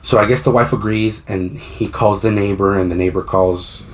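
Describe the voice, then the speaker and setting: A man's voice: lowish voice, fairly even intonation, moderate pace. A man co-hosting a podcast, retelling a story in a loose, rambling, profane way with frequent restarts. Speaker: podcast co-host. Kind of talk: casual storytelling chat.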